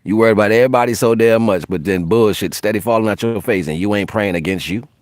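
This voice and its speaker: A brash man talks loosely on a spiritual livestream and swears freely. He breaks into laughter often. His voice sits low and sounds dry and close. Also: fast, no room sound. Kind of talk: casual livestream monologue.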